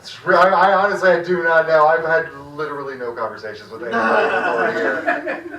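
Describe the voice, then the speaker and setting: A man's voice: a little high, brisk. A man hosting a comedy open mic, closing the show with rambling, self-deprecating jokes in a restaurant back room. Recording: echoey room, far mic, faint noise.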